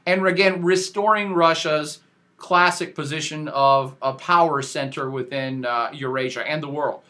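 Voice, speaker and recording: A man giving a casual podcast lecture on world affairs as a professor, animated and slangy, emphatic and often restarting his sentences. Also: a little high, moderate pace.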